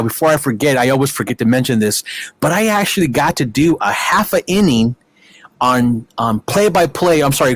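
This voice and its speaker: A middle-aged man with a fairly high voice tells one excited story after another, stopping often on "uh" and "you know" and slipping into the voices of the people he quotes. The sound is close and dry, with almost no room around it. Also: no room sound. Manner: animated anecdotes with many fillers and quoted voices. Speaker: guest, wrestling promoter. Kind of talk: casual interview storytelling.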